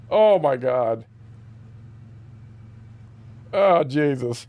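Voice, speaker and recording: A man streaming a game spins a long, crude story and keeps breaking into laughter. His voice sits high, and he talks slowly. He drops in frequent oaths and exclamations. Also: big pitch swings, a little mellow. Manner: laughing through a rambling anecdote; exclaims often, profane. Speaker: gaming streamer. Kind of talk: casual storytelling while gaming.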